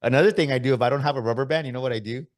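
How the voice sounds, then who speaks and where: Guy hosting a podcast, mid-pitch voice, gets really animated telling stories. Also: rapid-fire. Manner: animated storyteller, often asking "right?". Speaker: podcast host. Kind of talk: casual interview chat.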